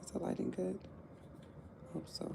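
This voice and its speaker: Gravelly low-voiced woman tarot reader. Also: flat delivery, moderate pace, background noise. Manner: blunt, talkative, cussing, slangy. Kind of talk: casual live tarot reading.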